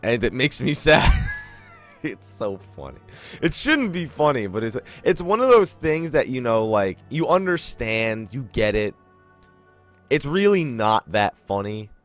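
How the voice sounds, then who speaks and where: Man, let's play commentary, rambling, laughs a lot, animated pitch, faint game music. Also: a little slow. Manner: chatty, laughs often, rambling. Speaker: gaming YouTuber.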